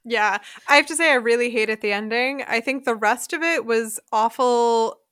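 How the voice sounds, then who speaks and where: American woman, podcast co-host, bright clear tone, slightly high voice, lively exasperated storytelling. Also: moderate pace, no echo, studio quality. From United States. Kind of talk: casual chat.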